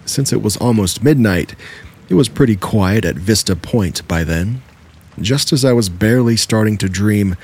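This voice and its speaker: A man narrating true scary stories in a measured, storytelling manner. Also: low voice, darkish tone, husky. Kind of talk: scripted horror story narration.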